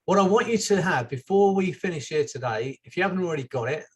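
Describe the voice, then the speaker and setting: Gentle chatty man, higher voice. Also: lively intonation, fast. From England. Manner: gentle, chatty, laughs softly. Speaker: hypnotherapist. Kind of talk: relaxed group therapy talk.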